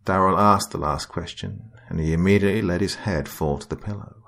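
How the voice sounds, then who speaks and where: A man reading a horror story as narrator in a slow, dramatic storytelling manner. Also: deep voice, creaky, fairly bright tone.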